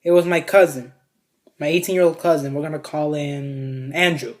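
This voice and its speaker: A man's voice: on the high side, steady tone, normal speed. A young man from Mexico telling a casual storytime tale, rambling with constant fillers and heavy swearing. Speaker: vlogger.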